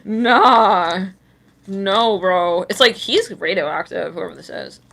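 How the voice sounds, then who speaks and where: A woman's voice: on the low side, measured pace, gravelly, noisy background. A woman giving a live tarot reading to her viewers, chatty, sassy and blunt, full of slang and swearing, often breaking into laughter. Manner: laughs a lot. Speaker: tarot reader.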